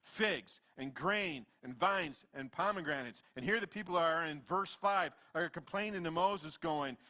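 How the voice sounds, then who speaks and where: A man in his fifties, a pastor preaching a sermon in church, swinging between loud animated retellings and quiet asides. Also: fairly high pitch, measured pace, few pauses. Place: church sanctuary.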